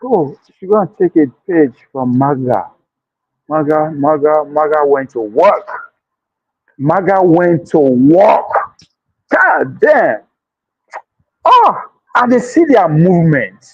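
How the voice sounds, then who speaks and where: A man with a Nigerian accent giving excitable political commentary, laughing and exclaiming often and slipping into pidgin. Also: fairly high pitch, unhurried, slightly rough, no room sound, dull audio. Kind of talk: animated political chat.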